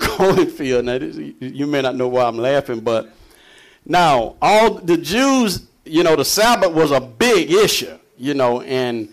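A man preaching a conversational sermon, reading scripture aloud and explaining it in a folksy way, chuckling often between points. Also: on the high side.

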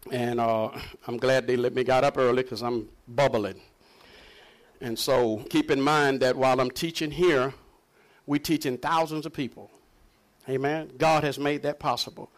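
A man preaching a sermon, stretching key words for emphasis. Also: mid-range voice. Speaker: pastor.

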